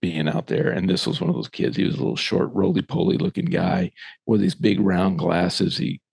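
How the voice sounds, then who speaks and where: A man, a former middle school football coach, telling a lively story in casual podcast talk and acting out the voices he quotes. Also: low-pitched, moderate pace, gravelly, slightly rough, no echo.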